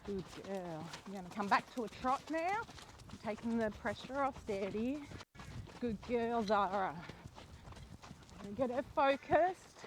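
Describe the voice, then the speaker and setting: Slow-talking young woman coaching a horse. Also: a little high, noisy background. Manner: calm coaching, softly praising the horse. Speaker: horse trainer riding. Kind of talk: narrated riding lesson while training a horse. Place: outdoor rural riding arena.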